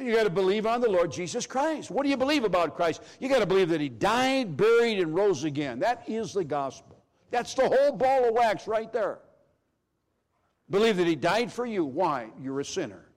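A middle-aged man preaching a sermon, emphatic, swinging from loud declarations to hushed, low phrases. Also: very animated, moderate pace.

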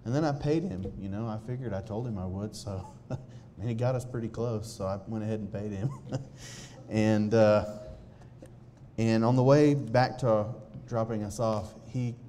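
Sharing a personal testimony with an audience, a man speaks in a low, warm voice. He's earnest but halting, often restarting sentences, and a faint noise floor hums under the recording.

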